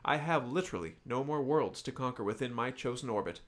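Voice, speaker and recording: A man's voice: mid-range voice, expressive, fairly quick, a bit bright, lightly acted. A man doing a dramatic reading of a suave villainous male crime lord, in a mock Italian accent. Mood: languid, grandiose. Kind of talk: dramatic reading of a novel passage.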